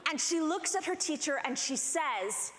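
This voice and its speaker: A woman giving a conference talk, telling a personal story in an animated way and acting out the voices of the people in it. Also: high voice, measured pace. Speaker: conference speaker. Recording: echoey hall with long reverb.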